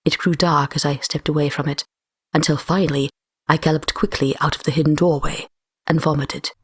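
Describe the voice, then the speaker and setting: Female narrator for a fan audiobook, deep husky tone, dry close sound. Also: a little fast, no room sound. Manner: steady storytelling, raising her voice for shouted lines. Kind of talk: first-person fiction reading.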